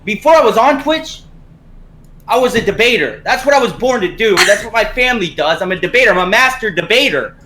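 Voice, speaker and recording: A man's voice: high-pitched, lively intonation, a little fast, pushed and bright, a little hiss or hum. A man playing a self-important male debate streamer who rants indignantly at his chat. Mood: exasperated. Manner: indignant, boastful rant at chat.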